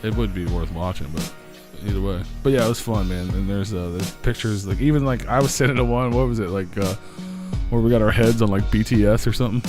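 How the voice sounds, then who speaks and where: A man's voice: fairly low pitch, quick pace, over music. Laid-back swearing man telling a story. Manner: laid-back, swears a lot, laughs often. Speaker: podcast host. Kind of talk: casual storytelling chat.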